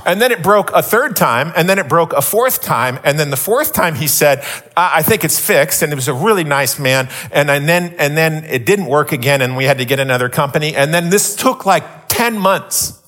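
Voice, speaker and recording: A middle-aged male pastor delivers his sermon through lively, humorous personal stories. His voice sits a bit high and sounds bright and forceful, and he builds to excited exclamations as he tells them. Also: normal speed, few pauses. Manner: animated storytelling, rising into excited exclamations.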